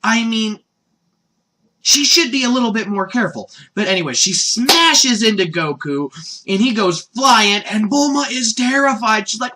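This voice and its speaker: Brief: lively, bright-voiced man, casual jokey cartoon reviewer, pitch jumping around. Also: moderate pace. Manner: animated, jokey, laughs at his own asides. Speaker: anime reviewer.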